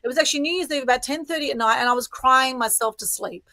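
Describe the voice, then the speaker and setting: Middle-aged Australian woman, co-host, higher register, earnest and emotional, dry close video-call sound. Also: fast, sharp tone, no room sound. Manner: earnest, emotional, tag questions of "right?". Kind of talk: casual chat on a live stream.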